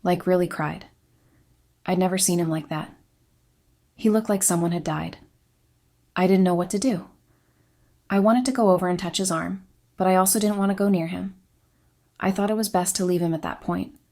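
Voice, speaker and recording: A woman reading a scripted first-person confession in a quiet, subdued, steady way. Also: on the low side, normal speed, pauses often. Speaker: story narrator.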